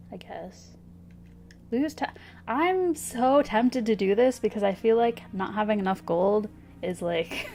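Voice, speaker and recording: A woman streamer casually thinking aloud over a puzzle game, hesitant and giggly, with soft music behind. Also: mid-range voice, a little hiss or hum. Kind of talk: casual gameplay commentary. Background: soft background music.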